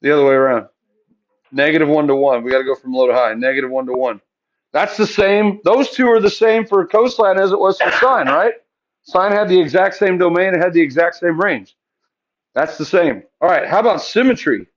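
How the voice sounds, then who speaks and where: A man's voice: fairly high pitch, lively intonation, brisk, highs cut off. A male math teacher lecturing a classroom, asking the students questions and answering them himself.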